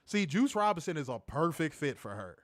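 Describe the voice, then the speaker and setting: Animated, profane man telling stories. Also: on the high side, brisk, dry recording, clean studio sound. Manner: animated storytelling, loud bursts, profane. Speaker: co-host of a wrestling review show. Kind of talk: casual streamed chat.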